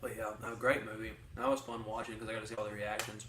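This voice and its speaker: A man's voice: lowish voice, level tone, quick pace. Chatty young man in an echoey room. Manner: rambling, chatty storytelling with many likes. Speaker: podcast co-host. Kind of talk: casual chat. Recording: roomy sound from a distant mic with faint hiss.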